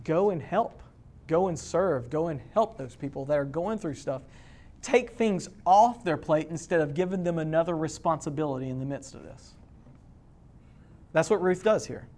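A man's voice: on the high side, moderate pace, darkish tone. A man preaching a conversational sermon, asking the congregation questions as he goes. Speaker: pastor.

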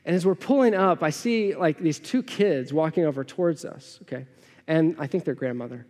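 Conversational pastor in a reverberant hall. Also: male voice, on the high side, normal speed, a little mellow. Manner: conversational, storytelling, asks the room questions. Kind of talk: sermon.

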